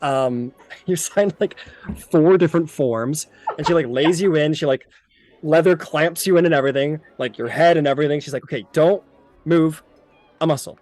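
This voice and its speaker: A man runs a tabletop game as game master, narrating in a loose, casual flow full of fillers. His voice sits a bit higher than most men's. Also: normal speed, darkish tone, faint music behind. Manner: loose, filler-heavy storytelling.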